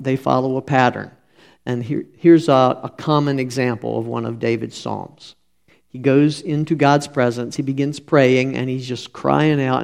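A man delivers a sermon in a gravelly voice at a middle pitch. He reads scripture aloud and then unpacks it in an earnest, conversational tone. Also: a little mellow. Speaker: pastor.

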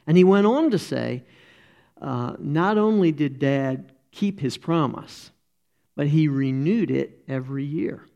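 A middle-aged man giving an informal sermon as a church speaker, talking in a halting, conversational way and often getting emotional. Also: fairly high pitch, expressive, gravelly, warm tone, dull audio.

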